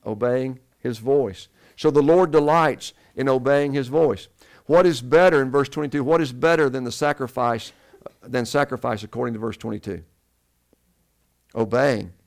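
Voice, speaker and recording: A man's voice: medium pitch, moderate pace, gravelly. Man preaching a Bible sermon. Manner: questions the congregation and answers himself. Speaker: pastor.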